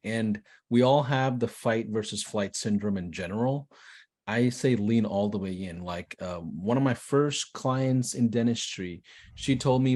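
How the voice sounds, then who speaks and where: A man's voice: lowish voice, a little slow, a little mellow. A man on a video call telling a business story with energy and emphasis. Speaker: agency owner guest. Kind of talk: casual storytelling.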